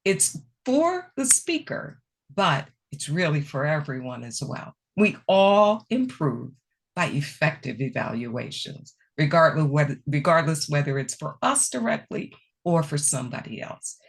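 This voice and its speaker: Low, lively-pitched woman presenter. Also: a little slow, creaky. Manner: conversational, animated pitch, repeats key phrases. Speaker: workshop presenter. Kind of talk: online workshop Q&A answer. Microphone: video call.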